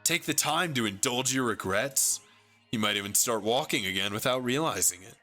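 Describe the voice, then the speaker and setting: A man's voice: medium pitch, expressive, moderate pace, sharp tone, soft background music. A man reading the lines of a tough young gang leader, brash and condescending. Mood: taunting.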